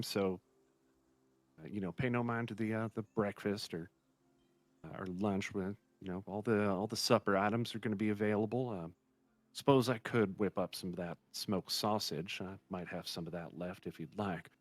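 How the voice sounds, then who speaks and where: A man voicing a fatherly old innkeeper in a tabletop game, halting and rambling with many fillers. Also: fairly low pitch, fairly even intonation, no echo, close to an everyday voice. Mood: hospitable.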